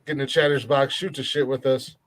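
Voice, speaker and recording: A man's voice: medium pitch, little pitch movement, fairly quick, over a noisy crowd. A man co-hosting a comedy podcast in casual banter, brash and profane, teasing his friends and rattling off plugs for the show. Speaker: podcast co-host.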